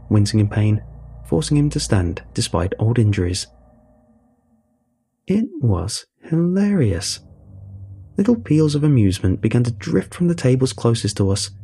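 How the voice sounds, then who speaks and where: A man narrating a first-person story in a measured, dry way. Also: mid-range voice, warm tone, slightly rough.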